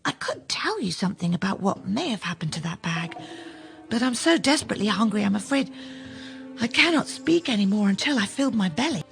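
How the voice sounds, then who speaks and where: A woman's voice: mid-range voice, big pitch swings, fairly quick, creaky. Woman playing a sweet-talking young boy. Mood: wheedling. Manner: polite, wheedling.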